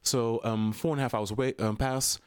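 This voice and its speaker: A man, a podcast guest, telling a story in a casual, animated way, full of "you know what I mean" asides and blunt swearing when worked up. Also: mid-range voice, brisk, clear, resonant tone.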